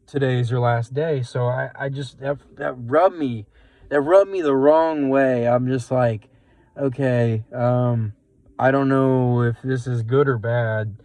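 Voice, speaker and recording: A man's voice: mid-range voice, darkish tone, no echo, poor audio. A man who drives rideshare, telling a rambling story in a casual vlog, full of fillers and quoted lines, speaking into a phone in his car. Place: in a car at a gas station.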